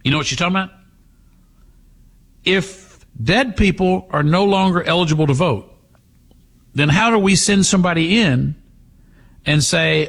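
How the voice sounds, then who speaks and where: A man's voice: high voice, normal speed, creaky, long pauses, a bit bright. A man hosting a radio talk show, giving opinionated political commentary in a mocking tone and mimicking voices for ridicule.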